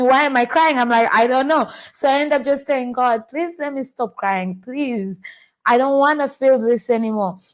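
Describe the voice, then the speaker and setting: A woman from Tanzania hosting a casual podcast chat, telling stories in an animated way and often repeating words as she starts a sentence. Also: high voice. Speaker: podcast host.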